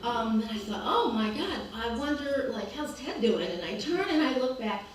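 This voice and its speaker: A woman's voice: on the high side, normal speed. Woman storyteller, wry live delivery, distant mic, heavy room echo and background noise. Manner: wry, self-mocking, lively quoted asides. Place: art gallery event space.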